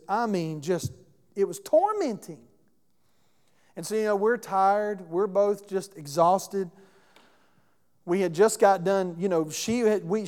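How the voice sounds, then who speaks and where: A man's voice: sits high, darkish tone. A man preaching as pastor, telling a story in a conversational way and putting questions to the congregation. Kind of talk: sermon. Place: church sanctuary. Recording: long church hall reverb.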